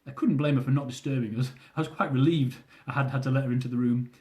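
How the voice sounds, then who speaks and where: Mellow man reading his own memoir. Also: medium pitch, steady tone, fast. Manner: dry, self-mocking humour. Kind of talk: reading aloud from a travel memoir.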